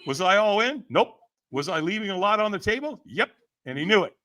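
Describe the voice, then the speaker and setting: Animated storyteller man, bright voice. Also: sits high, brisk. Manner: lively, acts out quoted voices, laughs often. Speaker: podcast guest, firewalk trainer.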